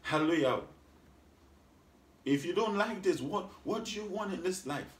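A man's voice: high voice, lively intonation, normal speed, echoey room. A man preaching a sermon, reading scripture aloud and repeating key lines, prompting listeners with questions like "what?". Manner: rhythmic, repeats lines, asks the congregation what. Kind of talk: sermon with call and response.

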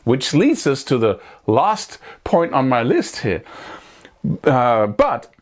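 A guitar teacher with a mid-range voice takes his time explaining picking technique. He's animated and hands-on, scatting the picking rhythms aloud and checking in with listeners often with "right?" and "wouldn't you say?".

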